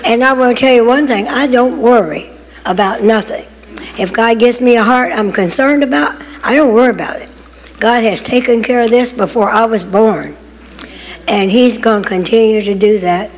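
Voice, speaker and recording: A woman's voice: a little high, normal speed. Chatty older woman testifying in a hall. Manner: chatty, emphatic, laughing asides. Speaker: church member. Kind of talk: personal testimony in church sharing time. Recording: long hall reverb.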